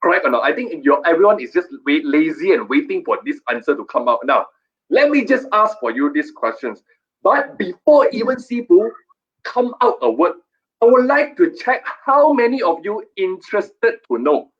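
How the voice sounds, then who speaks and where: A man hosting a live stream, coaxing viewers in a repetitive, playfully scolding sales-pitch manner. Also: big pitch swings, moderate pace, muffled recording.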